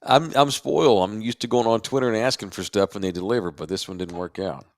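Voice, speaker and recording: A middle-aged man, rambling easily through casual podcast chat. His voice sits low and sounds dry and close, with no room behind it. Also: quick pace, dry recording. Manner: laid-back, rambling, chuckling. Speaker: podcast co-host.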